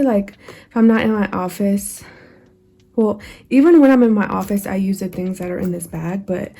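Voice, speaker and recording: A woman's voice: medium pitch, mellow. A young woman chatting casually in a home vlog, slightly out of breath, rambling with ums and little laughs. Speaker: journaling vlogger. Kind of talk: casual show-and-tell vlog.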